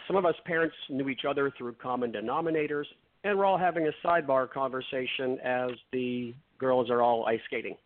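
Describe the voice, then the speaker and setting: Man telling a story over a phone line. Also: mid-range voice. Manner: retells dialogue, frequent restarts. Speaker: radio show guest. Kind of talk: storytelling in conversation. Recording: phone-like narrow sound.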